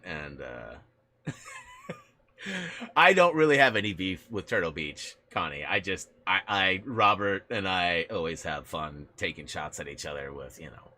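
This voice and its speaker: A man's voice: low voice, bright, forceful tone, slight background noise. A man hosting a casual live stream on a gaming headset, rambling with many restarts, laughing often and answering viewer chat.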